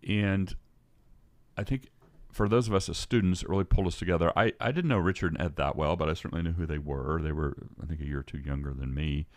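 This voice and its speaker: A man's voice: low-pitched, fast talker, no echo, studio quality. An older man telling a story as a podcast guest, rambling and restarting his sentences. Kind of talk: storytelling in casual conversation.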